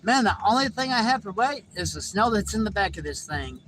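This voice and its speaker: A man with a high voice, chatting on a live stream from inside his vehicle. He rambles and cusses casually, circling back to repeat himself, with faint outdoor noise behind him. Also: lively intonation, fairly quick, fairly bright tone, low-quality recording. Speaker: livestreamer.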